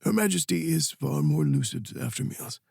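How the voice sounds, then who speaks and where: Guy doing a patient polite advisor man, dark gravelly voice. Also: mid-range voice, huge pitch swings, normal speed, dry recording, clean studio sound, exaggerated voice. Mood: smooth. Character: stout, patient male royal advisor. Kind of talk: audiobook character voice.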